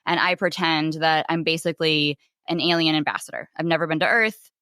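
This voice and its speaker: A woman hosting a podcast in casual chat, playful and quick to laugh. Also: deep voice, sharp tone, no room sound, clean studio sound. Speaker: podcast host.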